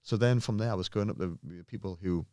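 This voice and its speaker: A man's voice: fairly low pitch, fast, a little mellow, no echo. A man from England, a guest telling personal stories in casual, earnest conversation. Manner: earnest, mimics others' voices in anecdotes. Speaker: podcast guest, pro bodybuilder.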